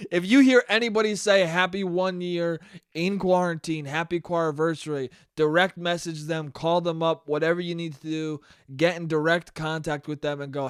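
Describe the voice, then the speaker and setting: A man's voice: a little high, steady tone, normal speed, clean tone, dry recording, clean studio sound. A young man hosting a solo comedy podcast, rambling and profane, laughing at his own jokes. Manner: slips into mock voices. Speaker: podcast host.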